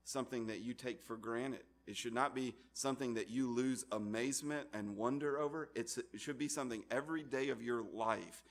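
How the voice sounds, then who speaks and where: A man's voice: medium pitch, fairly quick, few pauses. A man preaching a sermon to a congregation, emphatic, with frequent restarts and rising exclamations. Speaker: pastor.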